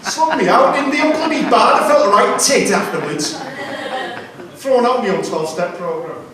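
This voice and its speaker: Brief: stand-up, forties, slightly high voice, rambling self-mockery, picked up from far off in a very echoey room. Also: male voice, expressive, moderate pace, a crowd in the background. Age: 40s. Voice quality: rambling, self-deprecating delivery. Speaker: stand-up comedian. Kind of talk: stand-up comedy routine. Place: comedy club stage.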